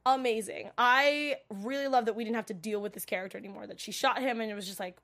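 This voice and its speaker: Young woman, slightly high voice, casual episode recap, gushing, lots of fillers. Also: quick pace, a bit bright. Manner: gushing, filler-heavy, lots of "like" and "you know".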